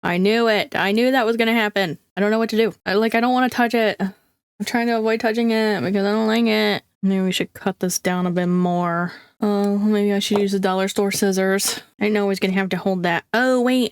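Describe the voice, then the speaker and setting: Woman craft vlogger, casual and chatty, squeamish with loud dramatic groans, medium pitch, dry close sound. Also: fairly even intonation, normal speed, clear, resonant tone, dry recording. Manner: chatty, self-deprecating, laughs often. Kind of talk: casual crafting vlog chat.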